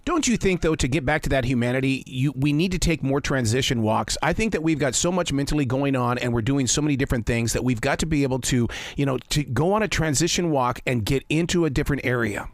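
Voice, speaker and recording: A man's voice: mid-range voice, fast, few pauses, no room sound. A man hosting an interview, asking questions in a chatty, upbeat way. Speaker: host. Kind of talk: casual interview talk. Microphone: studio mic.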